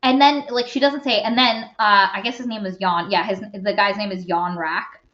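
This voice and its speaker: A woman's voice: medium pitch, fairly even intonation, normal speed, a bit bright. Podcast co-host, woman, casual rambling recap with fillers, roomy and lo-fi. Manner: rambling retelling full of fillers and asides. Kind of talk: casual book-review chat. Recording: roomy dull lo-fi recording.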